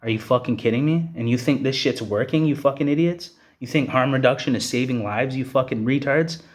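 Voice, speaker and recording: A man's voice: mid-range voice, fairly quick. Furious profane man ranting. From Canada. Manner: profane, heated, repeats "you know what I mean". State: agitated. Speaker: vlogger. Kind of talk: angry rant to camera.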